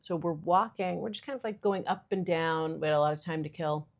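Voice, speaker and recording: A chatty mom in her thirties hosts her podcast solo, wandering from thought to thought with plenty of filler words and jokes at her own expense. Her voice sits on the low side and carries a gravelly fry. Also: brisk. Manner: chatty, rambling, self-deprecating, many fillers. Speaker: podcast host. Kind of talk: casual solo monologue.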